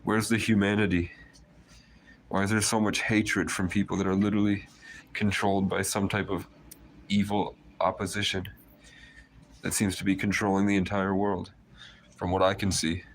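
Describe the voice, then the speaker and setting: A man with a low voice rambles to his viewers on a phone livestream, drifting from one conspiratorial aside to the next. A faint hiss sits under his talk. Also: little pitch movement, normal speed, long pauses.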